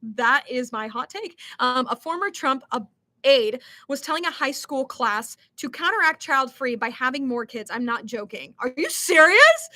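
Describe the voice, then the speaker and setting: Young woman, high-pitched, bright tone, casual livestream chat, giggly, lots of fillers. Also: expressive, normal speed. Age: young adult. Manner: chatty, giggly, lots of ums and likes. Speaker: livestream host reading chat.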